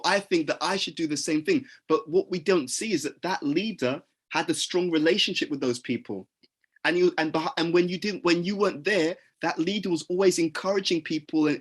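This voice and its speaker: A man's voice: on the high side, breathy edge. A man giving a conversational talk on leadership, often restarting his sentences and acting out example conversations. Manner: acts out example dialogues, frequent restarts. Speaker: leadership teacher.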